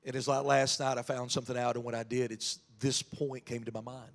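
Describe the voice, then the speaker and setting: A man preaching as a pastor, candid and emotional, swinging from hushed confession to raised shouts. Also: medium pitch, flat delivery, moderate pace, gravelly, faint music behind. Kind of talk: sermon.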